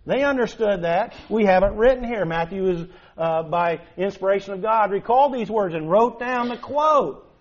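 A man preaching a sermon in an animated way, with emphatic rises and rhetorical questions. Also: high-pitched, moderate pace. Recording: dull lo-fi recording.

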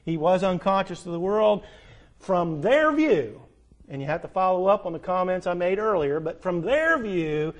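A man preaching a sermon, swinging between loud urgent appeals and soft hushed asides, drawing out words for emphasis. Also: sits high, sing-song, moderate pace.

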